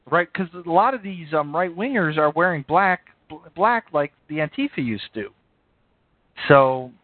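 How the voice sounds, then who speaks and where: A man's voice: a little high, no room sound. Blunt, profane male live-stream host. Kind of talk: casual reaction commentary. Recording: dry, tinny phone-like sound.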